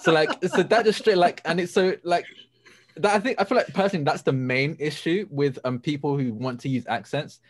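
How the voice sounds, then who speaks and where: A man's voice: on the high side, a little fast. A man from Britain with a British accent, speaking bluntly and animatedly on a panel discussion. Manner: animated, blunt, restarts often.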